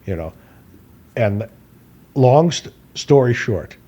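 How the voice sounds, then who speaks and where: A man's voice: medium pitch, lively intonation, slow, mellow, dull audio. A man co-hosting a podcast, telling a long personal story in a rambling, casual way with frequent laughs. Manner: rambling, laughs often, acts out quotes in a raised voice. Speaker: podcast co-host.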